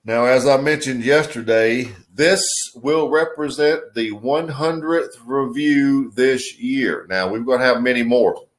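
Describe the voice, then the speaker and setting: Guy doing a laid-back cigar review, lots of uh's, middle pitch, kinda thinking out loud. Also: unhurried, few pauses. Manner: relaxed, musing, many "uh" fillers. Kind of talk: casual review vlog.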